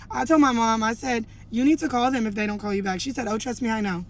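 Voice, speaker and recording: A woman's voice: a little high, fast talker, slight background noise. A young woman telling a storytime to camera in a casual, chatty way, full of "like" and acting out what others said. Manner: chatty, heavy use of "like", acts out quoted lines.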